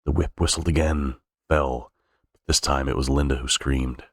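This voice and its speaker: A man sight-reading a novel aloud, halting now and then with slips and restarts. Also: rumbling low, steady tone, a bit bright, no room sound, clean studio sound. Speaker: reader.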